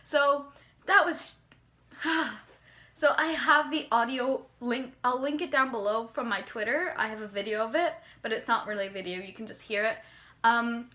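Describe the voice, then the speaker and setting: A young woman vlogger from Canada excitedly telling a story in casual chat, rambling with lots of "like"s. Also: fairly high pitch, moderate pace.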